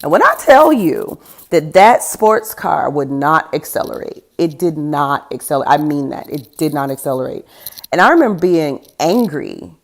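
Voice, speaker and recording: A woman with a notably low, deep voice hosts a podcast and tells her own story plainly and openly. She talks in a frank, conversational way and laughs now and then even through the heavy moments. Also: moderate pace. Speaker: podcast host. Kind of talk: candid personal storytelling.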